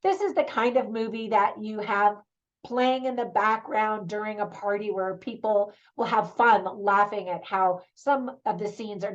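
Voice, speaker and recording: A woman's voice: mid-range voice, darkish tone, dull audio. A middle-aged woman giving a chatty, opinionated movie review in a casual spoken style. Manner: chatty, opinionated, laughs easily.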